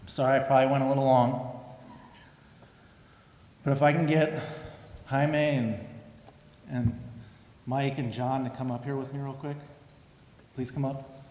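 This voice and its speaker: A man in his forties giving a hall of fame acceptance speech at a podium, telling stories and acting out what others said, turning soft and heartfelt. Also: mid-range voice, little pitch movement, unhurried, long pauses. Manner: storytelling, acts out quotes, grows emotional and soft. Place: large hall. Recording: echoey hall, faint background noise.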